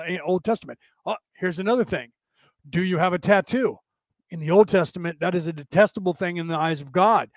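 A man's voice: sits high, no echo. A male podcast host giving a blunt, opinionated spiritual monologue full of rhetorical questions.

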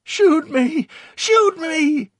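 A man's voice: very high voice, expressive, drawn-out words, fairly bright tone, dry recording, pitched above the performer's own voice, exaggerated voice. A man voicing a panicking young male Marine who has just been wounded, shrieking and stammering in terror. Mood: panicked shrieking.

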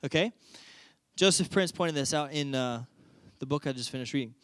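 A man preaching a sermon, retelling a story in a lively, conversational way. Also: mid-range voice, brisk, no echo. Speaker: pastor.

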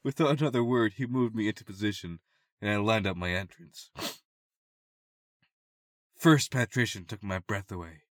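A man's voice: lowish voice, normal speed, long pauses, dry recording, studio quality. A man co-hosting a comedy podcast, reading erotica aloud and breaking into giggles. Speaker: podcast co-host.

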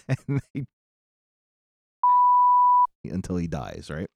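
Animated man telling a joke. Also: deep voice, extremely slow, vocal fry, no room sound. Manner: animated, laughing, acts out voices. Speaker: podcast guest.

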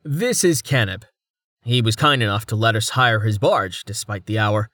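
A man's voice: fairly low pitch, moderate pace, pushed and bright, dry recording, clean studio sound. A man voicing an exhausted, friendly young man with a wry, tired way of speaking.

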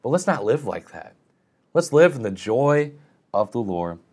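A man's voice: very animated, a little slow, a little mellow, slightly rough. Guy preaching a sermon, earnest and a bit self-deprecating, middle voice. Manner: earnest, self-deprecating, rises and falls in pitch for emphasis.

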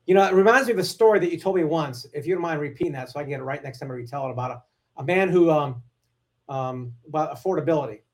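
A man hosting a podcast interview, talking quickly in a casual, encouraging way. His voice sits slightly high and he rattles through his asides. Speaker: podcast host.

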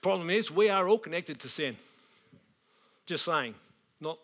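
A man preaching a sermon in plain, colloquial words with lively energy. His voice sits a little high for a man. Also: unhurried. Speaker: pastor.

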